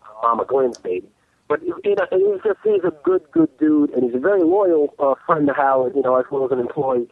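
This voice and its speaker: A man's voice: mid-range voice, sing-song, a little fast, creaky. A man calling in as a guest who tells stories animatedly and keeps restarting his sentences. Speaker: call-in guest. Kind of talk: casual phone interview. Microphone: telephone. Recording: tinny phone line.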